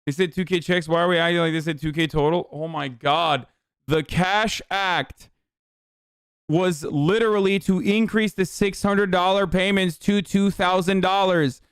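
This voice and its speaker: A man's voice: sits high, fairly even intonation, measured pace, smooth, dry recording, clean studio sound. A young man streaming political commentary, ranting bluntly with a lot of swearing and exasperation. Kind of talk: casual livestream commentary.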